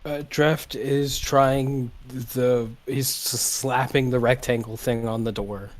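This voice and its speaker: A man playing a tabletop game, haltingly describing his character's actions in the third person. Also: medium pitch, steady tone. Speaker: player.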